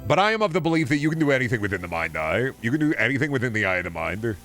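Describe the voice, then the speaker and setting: A man's voice: medium pitch, sing-song, very fast, a bit bright, faint music behind. A man streaming a game, chatting casually in a rambling, profane, jokey way.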